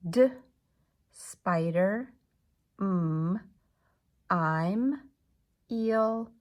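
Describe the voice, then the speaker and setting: Slow, patient woman teaching phonics. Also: mid-range voice, darkish tone. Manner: slow, patient, sounding out letters. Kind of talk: early reading lesson for young children.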